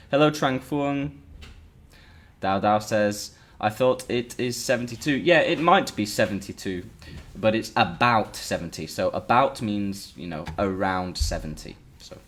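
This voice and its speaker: A man's voice: fairly low pitch, slight background noise. Chatty male online teacher. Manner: chatty, reads out student comments and greets them by name. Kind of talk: live online lesson.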